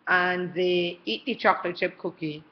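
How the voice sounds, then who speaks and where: A woman's voice: fairly low pitch, normal speed. Middle-aged woman, parenting advice vlog, casual and chatty, keeps checking in with the viewer, slightly muffled lo-fi audio. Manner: warm, chatty, checks in often with "okay" and "all right". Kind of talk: casual advice talk to camera.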